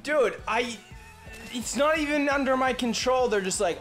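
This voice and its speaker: A man's voice: very high voice, moderate pace, fairly bright tone, faint music behind. A man co-hosting a casual gaming video, teasing his friend, laughing often and swearing at the game. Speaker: gaming channel co-host. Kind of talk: casual gameplay chat.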